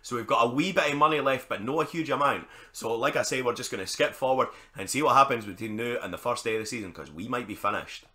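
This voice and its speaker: A man's voice: mid-range voice, quick pace, hardly any pauses, bright, forceful tone. A young Scottish man giving casual, blunt and sweary commentary while playing a football management game. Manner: blunt and sweary, chatty asides. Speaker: gaming YouTuber.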